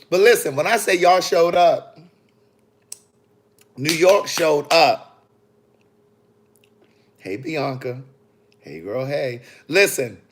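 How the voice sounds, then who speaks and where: Man, author, phone livestream, casual chat, sassy, animated, fairly high voice. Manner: sassy, animated, talks straight to viewers. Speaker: author hosting a live video. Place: in the city after a book event.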